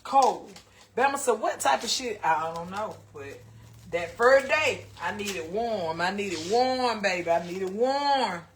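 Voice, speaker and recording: A woman's voice: mid-range voice, lively intonation, measured pace, a little hiss or hum. A Southern American woman hosting a casual cooking livestream, chatting folksily with her viewers and calling them baby and child.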